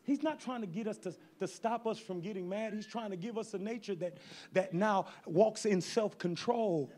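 A man preaching a sermon as pastor, folksy and fiery, at times rising to shouts. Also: high-pitched, moderate pace.

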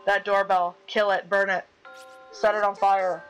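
A woman's voice: medium pitch, flat delivery, a little slow, faint music behind, rough recording. A woman playing a horror game on video, chatting casually, reading the story aloud and yelping at the scares. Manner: jokey, easily spooked, yelps at scares. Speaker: let's play gamer.

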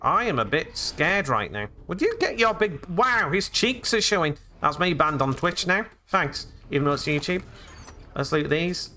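A man narrates his own gameplay in a loose, joking way and keeps talking to the characters on screen. His voice sits a bit high and sounds bright and forward. It jumps up and down in pitch with plenty of energy. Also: expressive, moderate pace, slight background noise. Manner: chatty, jokey, talks to game characters. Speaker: gaming channel host. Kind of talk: let's play commentary.

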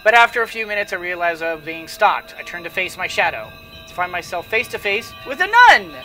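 A high-pitched man casually reads game text aloud and comments between passages. He sits some distance from the mic. Game music plays clearly behind him. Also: animated, fairly quick, sharp tone. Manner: casual, reads narration with frequent restarts. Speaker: let's play host.

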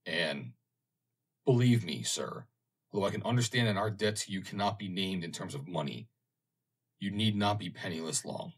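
A man voicing a grieving, white-haired old gentleman in an audiobook, speaking earnestly. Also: deep voice, expressive, moderate pace, breathy edge. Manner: trembling, earnest.

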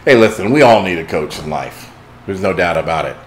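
A man hosting a motivational talk, telling a dramatic story that swings from hushed intensity to shouting. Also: sits low, animated, brisk, slight background noise. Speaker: host.

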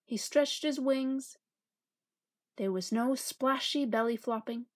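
A woman reading a picture book aloud, playful and expressive, pausing to ask her listeners questions. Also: sits high. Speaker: storybook reader.

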